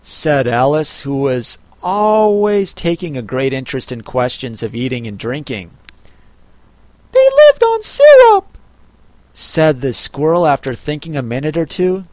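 An audiobook reader narrating a children's storybook in a slow, expressive way. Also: no room sound. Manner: slow, expressive reading with lots of pitch movement.

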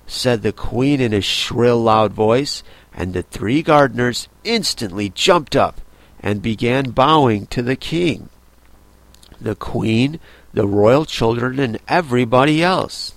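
A man narrating a children's classic in an expressive, unhurried storybook reading. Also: medium pitch, gravelly, no room sound. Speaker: audiobook narrator.

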